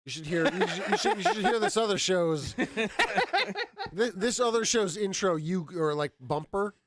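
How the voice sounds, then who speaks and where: A man's voice: high-pitched, expressive, normal speed, dry recording, studio quality. A man hosting a casual live show. He rambles, laughs and repeats himself. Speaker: podcast host. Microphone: studio mic.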